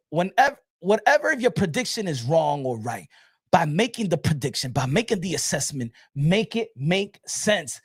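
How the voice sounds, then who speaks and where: High-voiced man ranting about boxing. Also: husky, no room sound, studio quality. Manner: loud, fast, sing-song rant, swings to hushed mock-calm. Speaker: boxing show host. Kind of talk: animated boxing talk show rant.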